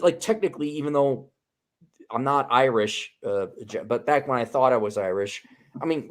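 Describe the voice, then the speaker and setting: A man hosting a casual podcast chat, ranting heatedly with swearing and frequent restarts. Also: a little high. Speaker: podcast host.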